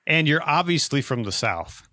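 A man's voice: fairly high pitch, very animated, normal speed, sharp tone, no echo, studio quality. A man from Ohio hosting a podcast, introducing a guest and interviewing her in a friendly, conversational way. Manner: friendly, conversational, laughs often. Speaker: podcast host.

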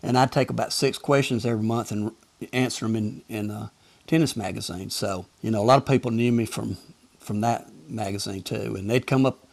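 A man's voice: on the low side, fairly even intonation, fairly quick, vocal fry. Older Southern man, Alabama accent, folksy storyteller, chuckles as he talks. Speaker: retired tennis umpire guest. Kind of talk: casual storytelling.

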